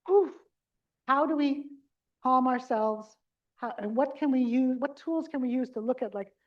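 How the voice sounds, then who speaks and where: A middle-aged woman leading a live dementia care workshop, chatty and animated, acting out little caregiver scenes and talking with the audience. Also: a little high, muffled recording. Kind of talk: live conference workshop talk. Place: conference room before a live audience.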